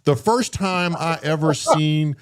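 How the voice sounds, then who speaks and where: A podcast co-host tells a long story in casual chat, speaking slowly in a smooth, somewhat high voice. His animated storytelling is profane, and he acts out his own reactions with quoted lines.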